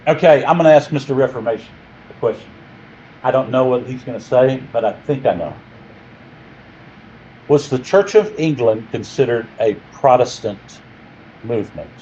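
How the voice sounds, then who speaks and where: A man teaching a history class in a jokey, animated way, often quizzing his listeners. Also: mid-range voice, normal speed, pauses often, muffled recording, slight background noise.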